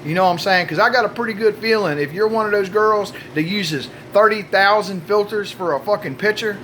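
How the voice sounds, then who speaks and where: A man's voice: high-pitched, a little fast, sharp tone, slight background noise. A man telling a rambling, profane comic story about his own life and swearing constantly.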